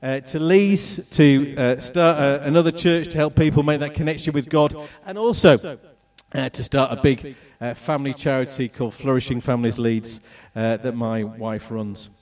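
Middle-aged man from England, animated testimony speaker, mid-pitched voice, distant mic. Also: normal speed, hardly any pauses. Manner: animated storytelling, acts out voices and moments. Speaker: speaker telling his testimony. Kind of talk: personal testimony talk with slides.

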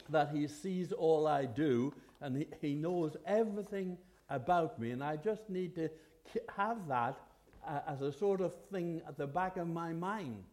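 Male preacher, earnest and chatty, restarts a lot, mellow warm voice. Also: fairly high pitch. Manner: earnest, conversational, with hesitant restarts. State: occasional cough. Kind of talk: sermon.

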